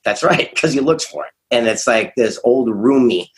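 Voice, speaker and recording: A man's voice: medium pitch, normal speed. Dad in an interview, upbeat, keeps nudging his kid with questions. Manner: upbeat, coaxing, prompts with questions. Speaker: guest, father. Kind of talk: casual interview.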